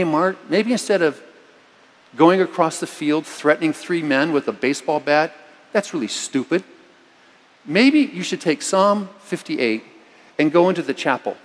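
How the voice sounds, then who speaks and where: A middle-aged male pastor delivering a storytelling sermon, his voice a touch higher than most men's. He swings from easy narration to sudden forceful bursts. The sound carries a long reverb from the church hall. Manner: storytelling, animated with sudden loud emphatic lines.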